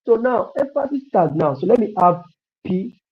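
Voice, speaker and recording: A man's voice: high voice, sing-song, normal speed. A man teaching web coding in a live online class. He repeats himself often and encourages the students while he types. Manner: repetitive, encouraging, thinks aloud while typing. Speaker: coding instructor. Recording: dull lo-fi stream audio.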